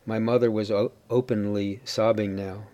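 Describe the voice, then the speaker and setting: A man giving a steady, measured first-person story reading. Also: on the low side. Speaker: reader.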